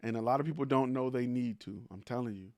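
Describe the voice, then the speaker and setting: A man's voice: mid-range voice, fast talker, a little mellow, dry recording. A man hosting a live stream, giving blunt, teasing business advice to creators with rhetorical questions. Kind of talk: blunt motivational talk.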